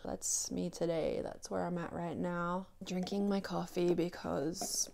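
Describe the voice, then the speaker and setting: A woman's voice: on the low side, level tone, a little slow, gravelly, mellow. A woman talking in a rambling, wry and self-mocking way in a casual phone vlog, out of breath. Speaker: vlogger.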